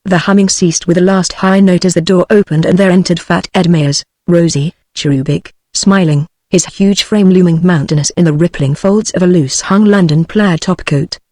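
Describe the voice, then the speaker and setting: A text-to-speech voice reading a novel aloud in an even, mechanical manner with occasional odd mispronunciations. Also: mid-range voice, moderate pace, few pauses, no echo. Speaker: audiobook narrator.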